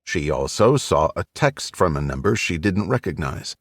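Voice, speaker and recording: A man narrating a thriller audiobook in a brisk storytelling manner on a close mic. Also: deep voice, sing-song, breathy edge, no room sound. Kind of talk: scripted narration.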